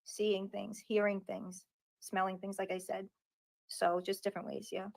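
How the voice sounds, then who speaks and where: A woman gives earnest, explanatory answers as an interview guest. Her voice sits at an ordinary pitch for a woman. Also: flat delivery, normal speed, gravelly, darkish tone.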